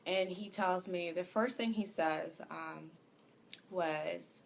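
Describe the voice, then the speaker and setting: A woman telling a personal story, hesitant and full of fillers, her voice growing softer as she goes. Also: lowish voice, slow pace, vocal fry, a little hiss or hum. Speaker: vlogger. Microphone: home recording.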